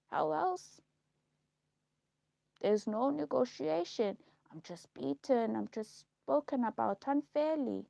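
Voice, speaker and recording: A woman speaking a halting, repetitive personal monologue on a live stream, slow and heavy in delivery. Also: high-pitched, creaky, dark tone, dry recording, dull audio. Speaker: livestream host.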